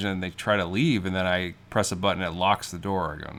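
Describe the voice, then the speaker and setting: Deep-voiced man telling rambling comic tales. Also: fairly even intonation, a little fast, a bit bright, slight background noise. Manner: rambling, absurd storytelling with fillers. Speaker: podcast co-host. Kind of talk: comedic casual chat.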